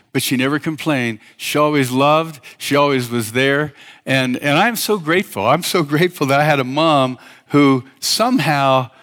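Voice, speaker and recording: A male pastor delivering a sermon at a church service, his voice bright and a bit higher than most men's. He preaches emphatically, tosses questions out to the congregation for them to answer, and often stumbles and restarts his phrases. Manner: emphatic, with call-and-response and many restarts.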